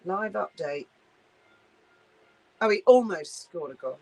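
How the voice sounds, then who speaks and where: A woman's voice: fairly low pitch, lively intonation, slow pace, creaky, long pauses, rough recording. A woman hosting a casual livestream, reading viewer comments aloud and answering in a chatty, blunt, sweary way. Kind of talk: casual live chat.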